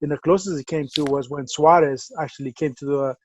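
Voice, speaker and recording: A man's voice: a little high, steady tone, brisk, highs cut off, a little hiss or hum. A man with a Salvadoran accent co-hosting a podcast in casual chat, rambling with many fillers and restarts. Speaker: podcast co-host.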